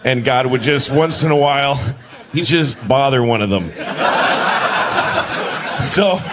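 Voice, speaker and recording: A man performing a stand-up comedy set, telling stories deadpan and jumping into shouted voices. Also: medium pitch, slow, very noisy. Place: comedy club stage with audience.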